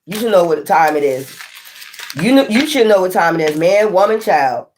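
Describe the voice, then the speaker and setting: A tarot reader preaching about spiritual matters in a loose, rambling way, full of restarts and frequent swearing. The voice sits at a middling pitch and bursts into laughter between points. A faint hiss runs under the recording. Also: moderate pace. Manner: profane, preachy and excitable, often laughing. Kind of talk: casual spiritual monologue.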